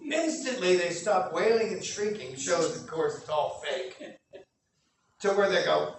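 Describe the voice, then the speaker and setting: Man preaching, recorded far off in an echoey hall; high voice, lively scene-painting delivery. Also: measured pace, slight background noise. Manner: animated, acts out scenes with loud bursts. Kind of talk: sermon teaching from scripture. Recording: echoey room, speaker far from mic.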